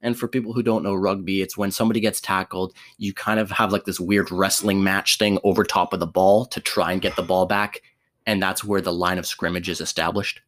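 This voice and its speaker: A man's voice: low-pitched, level tone, brisk, a bit bright. A young man telling a sports story casually, laughing often, swearing and restarting his sentences.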